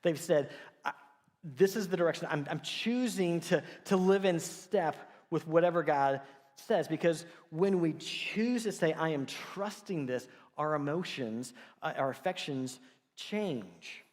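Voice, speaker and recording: At a measured pace and with a voice on the high side, a middle-aged pastor preaches in a church sanctuary, his words filling a large hall. He brings stories to life and acts out the quotes in them.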